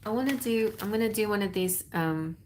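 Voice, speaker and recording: A woman's voice: medium pitch, brisk, a little mellow, slight background noise. A woman with a Texas accent hosting a live tarot stream, chatting casually in a rambling way, full of fillers and frequent laughs.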